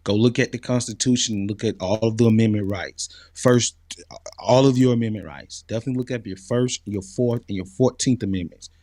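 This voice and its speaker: Low-voiced man, earnest and casual. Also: brisk, warm tone, no echo. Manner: earnest, conversational, many fillers. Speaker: interview guest. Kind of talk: casual interview talk.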